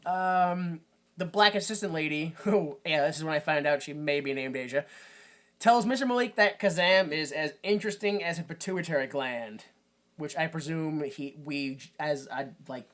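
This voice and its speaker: A woman's voice: deep voice, moderate pace. A woman co-hosting a podcast, casually recapping a movie and acting out its characters with laughs. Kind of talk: casual chat.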